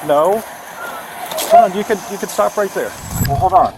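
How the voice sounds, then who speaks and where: A male police officer at a night roadside stop, talking calmly and steadily as he gives instructions. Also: sits high, normal speed. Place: outdoors at night by a road. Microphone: body camera. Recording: noisy outdoor bodycam audio.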